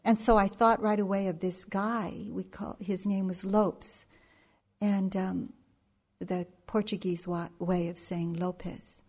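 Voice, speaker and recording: A middle-aged woman meditation teacher telling a story in a dharma talk, unhurried and anecdotal, with frequent pauses and fillers. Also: lowish voice, level tone, darkish tone, husky.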